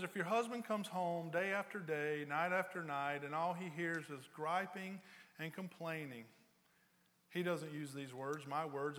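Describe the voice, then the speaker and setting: A man preaching a sermon, telling stories with rising energy and then dropping low and slow for serious points. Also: big-room sound. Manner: storytelling, builds loud and high for anecdotes, drops low and slow for serious points. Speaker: pastor.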